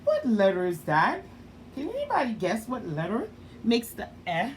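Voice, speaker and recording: A woman who teaches young children, walking them through letter sounds with playful questions and drawn-out sounds. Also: fairly high pitch, wildly swooping pitch, a little hiss or hum. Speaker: early learning teacher.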